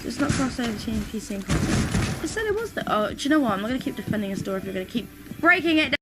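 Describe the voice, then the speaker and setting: A woman's voice: fairly high pitch, very animated, rapid-fire. A British woman chatting casually to her viewers while she plays a game, giggling often. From Britain. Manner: chatty and giggly, talks to chat. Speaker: streamer. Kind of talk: casual live-stream chat while gaming. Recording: clear background music. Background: music.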